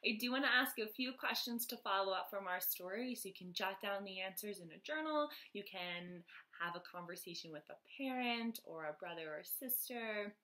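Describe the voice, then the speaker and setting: Gentle woman reading a children's story. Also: medium pitch, moderate pace, few pauses, rough recording. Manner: gentle, expressive, addresses young readers. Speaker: teacher reading aloud. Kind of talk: children's story read-aloud.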